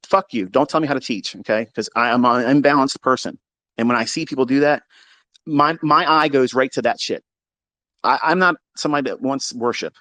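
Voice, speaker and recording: A man hosting a live audio space, ranting in a profane, combative, boastful way and swinging between low mutters and shouts. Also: normal speed, pauses often, no room sound.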